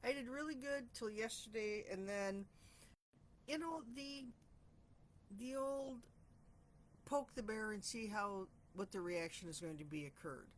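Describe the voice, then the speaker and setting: A woman's voice: mid-range voice, expressive, measured pace, pauses often, a little hiss or hum. Heartfelt woman, rambling personal reflection. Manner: heartfelt, rambling, self-searching. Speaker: host of a reflection channel.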